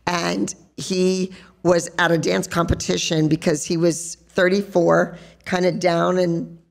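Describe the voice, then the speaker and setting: Gravelly low-voiced woman telling stories. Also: slow. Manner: chatty, animated storyteller. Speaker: podcast host and dance teacher. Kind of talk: storytelling on stage at a live podcast event. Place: sports bar, live show.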